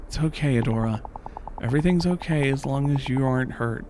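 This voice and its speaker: A man playing a gentle, comforting mother. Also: medium pitch, a little fast, background noise, close to an everyday voice. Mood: reassuring. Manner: soft, reassuring.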